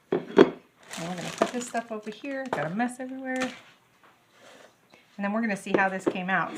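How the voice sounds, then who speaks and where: This is a middle-aged woman, chatting through a recipe in her home kitchen. She is bubbly and easily thrilled, and her voice sits at an ordinary middle pitch. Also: background noise. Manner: bubbly, gushing, easily excited. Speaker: home cooking vlogger. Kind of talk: casual cooking demonstration.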